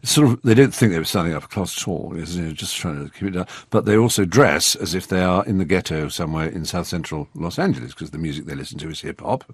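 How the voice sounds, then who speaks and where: Man, very deep voice, posh English accent, radio interviewer, husky, dry booth. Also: fast, few pauses, dry recording. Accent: English upper-class RP. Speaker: radio host.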